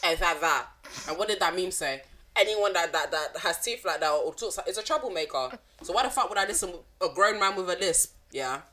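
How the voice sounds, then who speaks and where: A woman's voice: lowish voice, animated, fairly quick, bright, forceful tone. A woman co-hosting a podcast in casual chat, blunt and jokey, laughing often. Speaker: podcast co-host.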